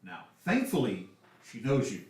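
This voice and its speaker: A casual Southern American game master, chatty and full of fillers, with a lively voice. He sounds distant from the mic in an echoey room. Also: mid-range voice, normal speed. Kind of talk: narrating a tabletop game.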